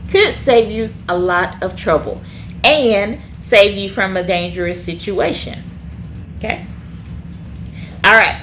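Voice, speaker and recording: A woman teaching a children's church lesson in an animated way, often checking in with the kids by asking "okay?". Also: medium pitch, slight background noise.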